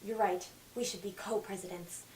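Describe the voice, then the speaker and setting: A woman acting an overeager, chatty teenage girl in an audition reading, talking in quick gushing bursts. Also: medium pitch, fairly even intonation, darkish tone, slight background noise, pitched below the performer's own voice, natural voice. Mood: bossy. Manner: rapid, overbearing chatter. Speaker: auditioning actress. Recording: echoey room, faint music, from far off.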